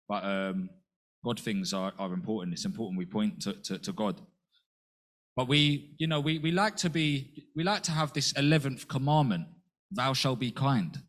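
A man preaching a sermon in an earnest way, asking rhetorical questions and jumping up in pitch to act out quotes.

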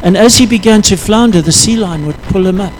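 Earnest high-voiced male preacher. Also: a little hiss or hum, low-quality recording. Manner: earnest, halting, repeats words, drops to quiet intensity. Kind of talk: sermon storytelling.

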